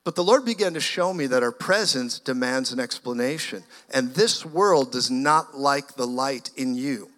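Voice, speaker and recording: A man preaching an energetic sermon as a guest preacher, moving between loud exclamations and hushed storytelling. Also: mid-range voice, moderate pace, hardly any pauses. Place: church sanctuary. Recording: long church hall reverb.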